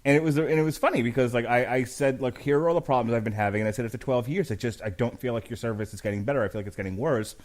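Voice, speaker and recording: A man's voice: mid-range voice, rapid-fire, few pauses, a little mellow. A man hosting a podcast, chatting in a rambling, wry, casual way. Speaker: podcast host.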